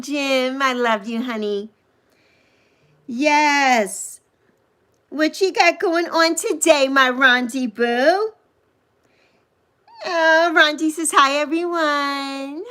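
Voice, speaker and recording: A woman in her sixties hosting a casual livestream, chatting with viewers and gushing over them with drawn-out coos. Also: high voice, pushed and bright. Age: 60s. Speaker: livestream host. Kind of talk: casual livestream chat reading viewer comments.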